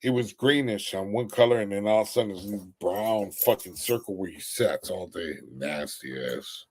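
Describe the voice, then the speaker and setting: A man's voice: lowish voice, moderate pace, breathy edge. A tired young man hosting a casual live stream. He mocks someone crudely, laughs often and reads viewer comments aloud. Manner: crude, mocking trash talk, often laughing. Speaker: livestream host. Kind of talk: casual livestream chat.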